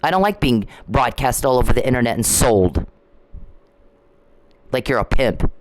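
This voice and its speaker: A woman's voice: very deep voice, animated, moderate pace, a little mellow, slight background noise, poor audio. A middle-aged woman in a ranting vlog monologue, confrontational and repetitive, scolding someone directly. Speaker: vlogger.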